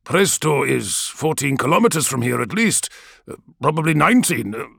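A man's voice: medium pitch, sing-song, moderate pace, creaky, a bit bright, husky, dry recording, clean studio sound, exaggerated voice. A man reading an audiobook, voicing a deferential male soldier who stammers respectfully. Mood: nervous. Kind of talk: audiobook character voice.

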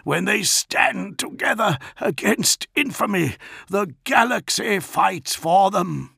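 A steadfast armoured commander in an audiobook speaks in firm, resolute statements, voiced by a man. His voice is raised and a little gravelly, and the recording is close and dry. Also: high-pitched, expressive, slow, bright, forceful tone, no echo, voice pushed up, full character voice.

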